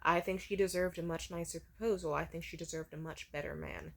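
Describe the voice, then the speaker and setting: A woman's voice: fairly low pitch, fairly even intonation, brisk, vocal fry. A young woman telling a personal story candidly in a vlog, swearing freely. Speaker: vlogger.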